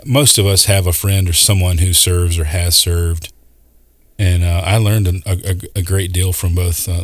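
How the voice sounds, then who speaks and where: A man's voice: deep voice, no echo. A man co-hosting a podcast in casual chat, often chiming in to agree. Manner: warmly agreeing, lots of affirmations. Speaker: podcast co-host.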